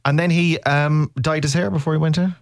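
A man's voice: a little high, flat delivery, fairly quick, vocal fry, noisy background. A middle-aged Irish man hosting a radio show, chatting playfully and slipping into comic voices. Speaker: radio host. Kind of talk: casual radio chat.

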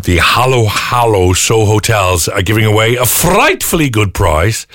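A man's voice: on the low side, animated, moderate pace, a bit bright, no room sound. Irish male morning radio host, middle-aged, playful rambling chat, dry studio sound.

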